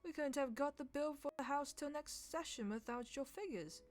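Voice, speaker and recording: A woman voicing a jovial, hearty upper-class male government minister with drawn-out exclamations, soft music behind. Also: high-pitched, voice pushed up, close to an everyday voice.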